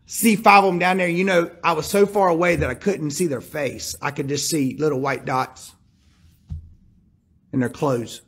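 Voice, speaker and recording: A man preaching a sermon that mixes a personal story with scripture. He shifts between hushed, quiet passages and emphatic, building ones. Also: fairly high pitch, moderate pace, slightly rough. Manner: animated storyteller, drops to hushed tones then builds emphatically.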